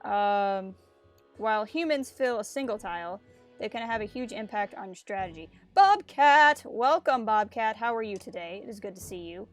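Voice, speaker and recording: A woman's voice: medium pitch, brisk, faint music behind. A woman streaming a game live, chatting casually, joking and reading the on-screen text aloud.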